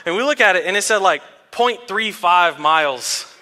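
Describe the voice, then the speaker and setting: A man in his thirties, a pastor giving a sermon in a relaxed storytelling way, laughing often. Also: high voice, normal speed. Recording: long reverb of a large hall.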